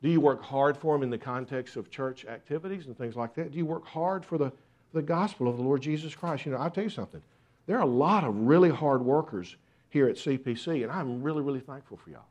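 A man's voice: mid-range voice, fast talker, darkish tone. Man preaching a sermon. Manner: earnest preaching with repeated rhetorical questions. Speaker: pastor.

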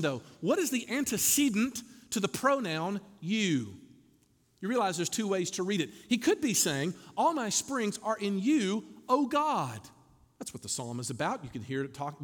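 A man preaching a sermon to his congregation as pastor, animated, with wry asides. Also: high-pitched, normal speed. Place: church sanctuary. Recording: long hall reverb.

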